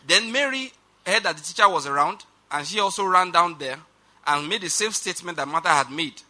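A man preaching a sermon in a high, sharply bright voice. He slows right down and leans on each word of scripture, then rushes through his asides and calls on the congregation to repeat after him. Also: expressive. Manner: emphatic, slows down for quoted scripture.

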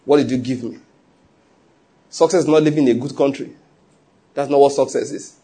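Animated preacher man, husky. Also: mid-range voice, a little fast. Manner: animated, laughing asides and acted-out quotes. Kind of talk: sermon.

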